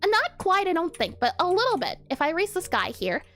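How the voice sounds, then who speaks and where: A woman's voice: very high-pitched, very animated, fairly quick, a bit bright. A woman streamer with a slightly nasal, nerdy voice and a scratchy throat, chatting and thinking aloud as she draws. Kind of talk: casual live-stream chat while drawing.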